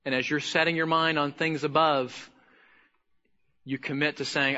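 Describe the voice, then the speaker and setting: A pastor preaching a sermon, swinging between quiet asides and loud, emphatic bursts. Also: male voice, on the high side, flat delivery, moderate pace, dull audio.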